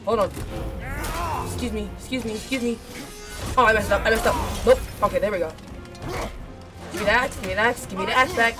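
Excitable woman streamer yelling at a game. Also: fairly high pitch. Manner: excitable, yells at the game, repeats phrases rapidly. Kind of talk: live gameplay commentary. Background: game music.

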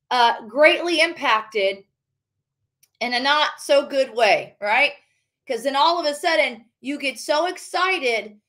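Fervent high bright-voiced woman preaching. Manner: fervent, repetitive, decreeing. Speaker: prophetic minister. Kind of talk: livestream preaching.

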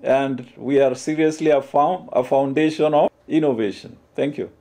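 A man, speaking as a university official in an earnest, promotional, measured way during an interview. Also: medium pitch, fairly even intonation, mellow. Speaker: university innovation centre official. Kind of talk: on-camera interview remarks.

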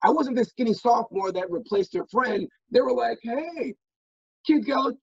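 A middle-aged man from Minnesota telling stories as an interview guest, animated and full of restarts and fillers. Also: very high voice, brisk, creaky, breathy edge. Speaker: guest, former football player. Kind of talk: casual interview storytelling. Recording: dull lo-fi audio.

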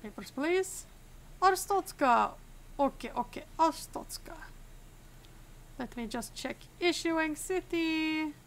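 A woman's voice: high-pitched, expressive, slow, pauses often, voice pushed up, full character voice. A young woman gaming host playing a formal, clipped woman border inspector in a put-on mock foreign accent. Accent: put-on mock accent from the game's fictional country. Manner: formal, clipped officious phrasing. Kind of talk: playing a game in character.

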